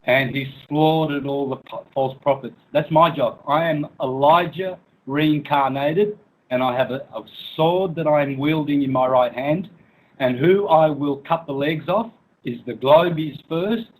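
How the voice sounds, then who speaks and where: A man's voice: a little high, unhurried, low-quality recording. A man ranting angrily as a guest in an online interview, mocking, cursing and laughing scornfully, with threatening turns. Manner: menacing, threatening. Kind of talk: angry rant in an online interview.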